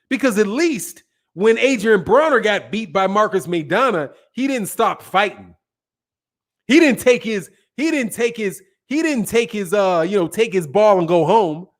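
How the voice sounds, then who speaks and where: A man hosting a live boxing talk stream, casual and blunt, profane and quick to laugh at his own jokes. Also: high-pitched. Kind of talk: casual live-stream chat reading viewer comments.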